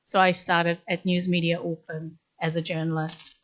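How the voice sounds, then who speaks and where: Her voice fairly low and steady at a normal speed, a middle-aged woman from Korea addresses graduates. The speech is direct and personal, drawing on her own career, and she frequently drops in "actually" as she talks candidly.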